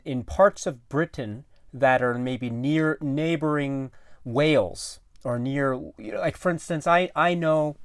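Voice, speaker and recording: A man talking as a guest in a casual film discussion, halting and searching for his words with many restarts. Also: mid-range voice, no room sound, studio quality. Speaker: guest commentator.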